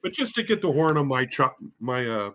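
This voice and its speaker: A man's voice: mid-range voice, very animated, moderate pace, a bit bright. A man from Spokane, Washington, a head of bands, telling his story in a casual interview, rambling and self-deprecating, with many fillers and restarts. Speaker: guest, head of bands at a music school.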